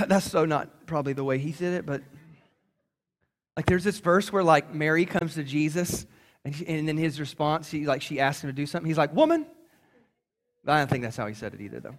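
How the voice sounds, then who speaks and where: A man preaching a sermon to a congregation, lively and conversational, acting out little voices as he tells the story. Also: a little high, brisk. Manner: animated, acts out voices in quotes. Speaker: pastor.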